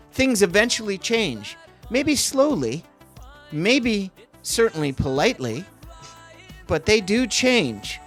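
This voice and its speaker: A man's voice: high voice, fairly bright tone. A middle-aged Canadian man co-hosting a casual podcast, talking in an earnest, patriotic way with some restarts. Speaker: podcast co-host.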